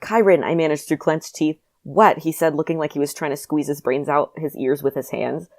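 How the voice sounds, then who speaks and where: A woman podcast host reading her own childhood story aloud, expressive and joking. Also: sits low, brisk.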